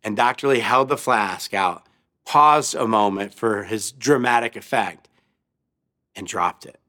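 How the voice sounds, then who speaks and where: A man's voice: on the low side, measured pace, sharp tone. A male pastor delivering a sermon, telling a story and acting out the voices of the people in it with rising emphasis.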